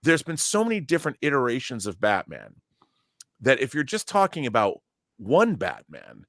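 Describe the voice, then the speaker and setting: Male guest commentator, chatty and animated, stammers through restarts and laughs a lot. Dry, close sound. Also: medium pitch, moderate pace, no echo. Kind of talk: casual chat about movies and comics.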